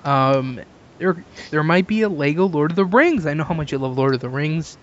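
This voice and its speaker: Man from Canada, podcast host; higher pitch, dull lo-fi sound; teasing, casual. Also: expressive, moderate pace. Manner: teasing, laughs at own jokes. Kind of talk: casual gaming podcast chat.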